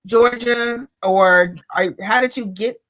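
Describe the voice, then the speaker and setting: A woman hosting an interview, asking questions in an encouraging, measured way. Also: on the high side, fairly bright tone. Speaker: interviewer, host.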